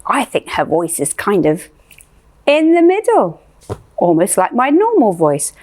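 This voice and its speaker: A woman's voice: medium pitch, huge pitch swings, unhurried, darkish tone. A woman leading a playful music lesson for young children, asking sing-song questions.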